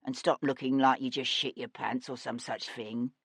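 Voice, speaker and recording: A woman voicing a man who threatens in a low, rough, hushed voice. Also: lively intonation, moderate pace, no room sound, full character voice. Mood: menacing.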